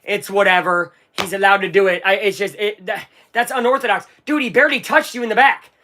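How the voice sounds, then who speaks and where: A live streamer calling a basketball game as an excitable fan, swinging from low muttering to shouting and swearing. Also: a little fast. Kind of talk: live fan watch-along commentary.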